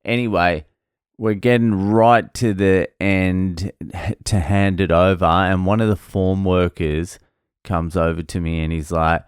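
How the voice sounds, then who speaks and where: A man's voice: low voice, steady tone, unhurried, clear, resonant tone, no room sound, studio quality. A man telling a rambling, profane story about his work day in a casual vlog.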